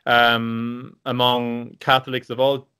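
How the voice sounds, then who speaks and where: A man's voice: medium pitch, completely flat delivery, slow, sharp tone, clean tone. A man hosting an interview, enthusiastic and full of fillers, repeating words of praise. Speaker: interviewer, host. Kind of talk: interview, casual chat.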